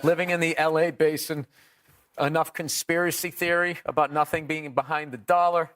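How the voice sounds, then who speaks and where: A middle-aged comedian telling profane, animated stories in a casual podcast chat, often laughing at his own jokes. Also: on the high side, normal speed. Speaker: comedian guest.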